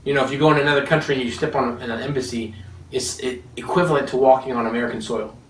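A man preaching a sermon in an animated, joking way, laughing often as he teaches. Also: mid-range voice, fast talker, a little hiss or hum. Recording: echoey room, mic at a distance.

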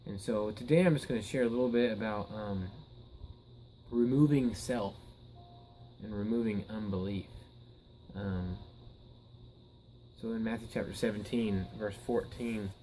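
A man's voice: on the low side, a little slow, long pauses, dark tone, a little hiss or hum, low-quality recording. Earnest preacher man, emphatic bursts. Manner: earnest, repeats words and restarts, rises to emphatic peaks. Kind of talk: Bible teaching sermon.

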